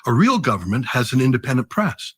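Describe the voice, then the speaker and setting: Husky man making emphatic points. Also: mid-range voice, sing-song, fast talker. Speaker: interview guest, media commentator. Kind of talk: interview conversation.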